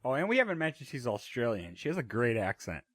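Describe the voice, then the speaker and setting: A man's voice: medium pitch, big pitch swings, quick pace, a bit bright. A man co-hosting a podcast, blunt and sardonic in casual chat. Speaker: podcast co-host.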